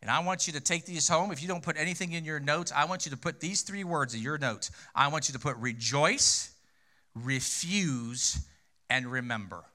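A man's voice: on the high side, moderate pace, sharp tone. A male pastor preaching a sermon in a conversational way, asking rhetorical questions and repeating key phrases for emphasis.

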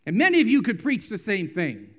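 A male pastor delivers an impassioned sermon in a voice set a little high for a man. He pushes some lines out loud and firm, then drops others almost to a hush. He stretches key phrases and comes back to them as refrains. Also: huge pitch swings. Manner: impassioned preaching that swings between loud emphasis and quiet, hushed lines; drawn-out, emphatic phrasing with repeated refrains.

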